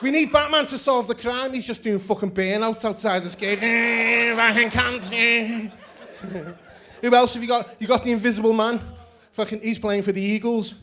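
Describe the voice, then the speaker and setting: A young stand-up comedian from Perth, Australia, rambles through a crude set and backstage chat, laughing at his own jokes. His very high-pitched voice is bright and forceful, with fairly even intonation and a measured pace.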